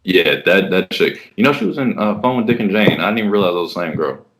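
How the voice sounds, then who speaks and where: A man's voice: low-pitched, animated, fast talker, a bit bright. A man co-hosting a podcast in casual comedic chat, laid-back and laughing often. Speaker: podcast co-host.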